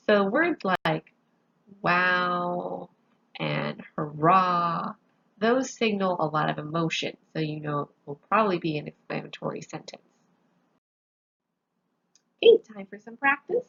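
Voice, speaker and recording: Sleepy teacher with a gravelly voice. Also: female voice, fairly low pitch, expressive, a little slow, pauses often, fairly bright tone, muffled recording. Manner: patient, explains step by step with examples. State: sleepy, yawning. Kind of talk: recorded grammar lesson.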